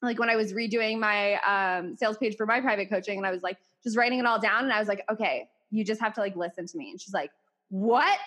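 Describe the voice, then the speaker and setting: A woman's voice: medium pitch, quick pace, hardly any pauses, a bit bright. A woman with a Canadian accent hosting a podcast, chatting casually, laughing often and acting out quotes. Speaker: podcast host.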